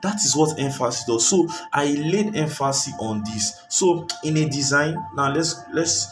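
A man's voice: on the high side, animated, unhurried, distant mic, over music. A man giving a screen-recorded graphic design tutorial, rambling as he searches for words and filling gaps with ums.

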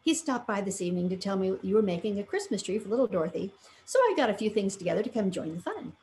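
A woman's voice: mid-range voice, big pitch swings, fast, darkish tone, a little hiss or hum, natural voice. A woman reading as kindly old Santa Claus.

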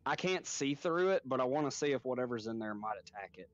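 A man playing a tabletop game, deliberate and wry. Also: mid-range voice, expressive. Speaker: player. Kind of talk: tabletop role-play. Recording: dull lo-fi mic.

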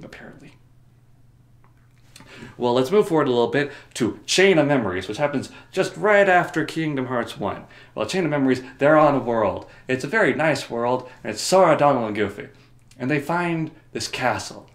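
A man casually rambling through a comedic story summary, jokey and offhand, recorded in a roomy space. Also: mid-range voice. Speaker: video creator. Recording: roomy echo.

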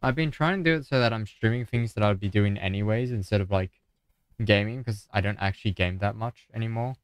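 A man streaming live, chatting casually and trailing off quietly at the ends of his thoughts. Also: on the low side, a little fast, smooth, dry recording.

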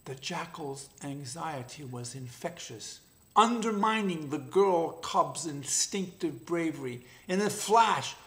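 A man narrating an animal fable in an even, unhurried storybook reading. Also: a little high.

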